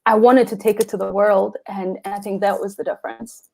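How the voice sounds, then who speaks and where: A woman's voice: medium pitch, flat delivery, a little fast, creaky, warm tone. A South African woman, a guest freediving instructor, telling a story animatedly, acting out quotes and laughing often. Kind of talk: casual interview storytelling.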